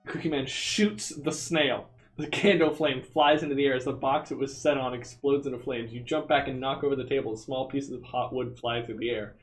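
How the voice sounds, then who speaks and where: A man's voice: medium pitch, moderate pace. A man reads a text adventure game aloud on a live stream, casual and amused, dropping in offhand remarks as he goes. His voice sits in the middle range, and faint music plays in the background. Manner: casual, amused, with frequent laughs.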